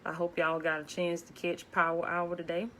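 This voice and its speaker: Low-voiced woman hosting a laid-back live stream. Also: completely flat delivery, normal speed, slight background noise. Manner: laid back and hushed, greeting viewers by name. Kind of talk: casual spiritual live-stream talk. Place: at home, indoors.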